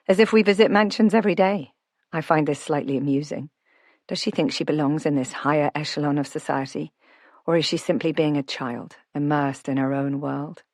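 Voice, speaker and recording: A woman narrating a novel in first person, reading in a calm, reflective way. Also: deep voice, no echo, clean studio sound. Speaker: audiobook narrator.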